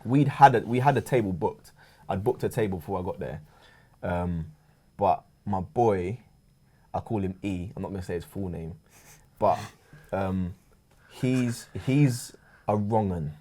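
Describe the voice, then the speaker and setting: A man, a podcast co-host, telling a story in a relaxed, slangy way and chuckling now and then. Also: deep voice, unhurried, pauses often. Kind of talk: casual storytelling chat.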